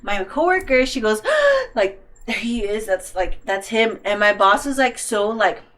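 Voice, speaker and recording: A young woman tells a story casually on a podcast, swearing freely and leaning on "like" as she goes. Her voice sits at a middle pitch, easy and conversational. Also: expressive, a little slow, fairly bright tone, slight background noise. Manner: rambling, profane, heavy on "like". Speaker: podcast co-host.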